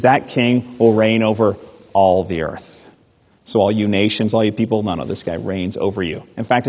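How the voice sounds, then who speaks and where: Gravelly male preacher in a hall. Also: on the low side. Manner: animated, mock-indignant asides. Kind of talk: sermon. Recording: dull sound in a reverberant hall.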